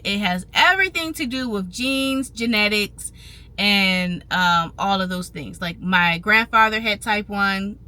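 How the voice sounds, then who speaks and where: A woman vlogging casually to her viewers, animated and chatty, repeating phrases for emphasis. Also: medium pitch. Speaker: vlogger on trading and finance. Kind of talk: casual talk to camera.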